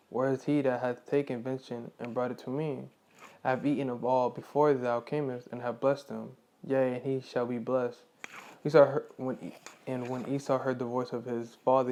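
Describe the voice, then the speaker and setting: A man reading scripture aloud quietly and breaking off into casual spoken commentary, full of "you know". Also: clear, resonant tone. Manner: quiet, low reading of scripture, louder and livelier in his asides; leans on "you know" constantly.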